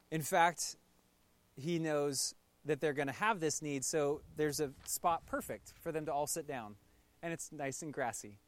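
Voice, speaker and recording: Man, pastor, conversational sermon, playful storytelling, slightly high voice, dry close sound. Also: no echo.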